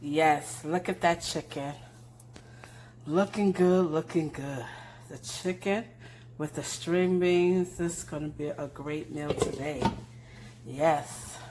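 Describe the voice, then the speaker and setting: A woman's voice: sits low, steady tone, takes it slowly, a little mellow, a little hiss or hum, poor audio. An older woman hosting a casual cooking show in her home kitchen, chatty and homey, sending blessings to her viewers.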